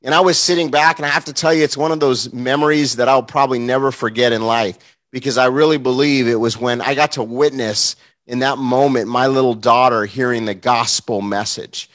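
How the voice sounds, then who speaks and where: A man's voice: mid-range voice, fairly even intonation, brisk, fairly bright tone. A man preaching a morning sermon, telling a heartfelt personal story in an earnest, emotional way, with many fillers and restarts.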